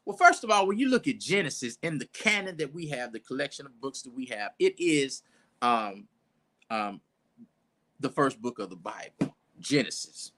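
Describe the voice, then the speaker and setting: Preacher guy in church, chatty sermon, bright voice that jumps around a lot. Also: mid-range voice, sing-song, moderate pace. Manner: conversational, with restarts and asides, building emphasis. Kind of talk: informal sermon teaching.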